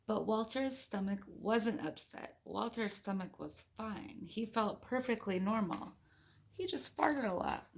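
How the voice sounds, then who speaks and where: A woman's voice: mid-range voice, lively intonation, measured pace, creaky. A woman reading a picture book aloud to her children, playful and giggly, breaking off for chatty asides and animal noises.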